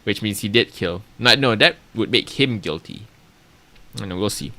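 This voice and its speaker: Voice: mid-range voice, expressive, normal speed, sharp tone, soft background music. A streamer casually commenting while playing a story game, thinking aloud and joking about their own voices.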